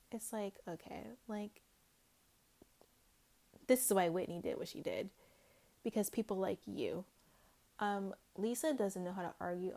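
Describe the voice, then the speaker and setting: A woman's voice: mid-range voice, darkish tone. A woman giving a casual, chatty recap of a reality show episode, swearing freely and acting out what people said. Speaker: recap vlogger.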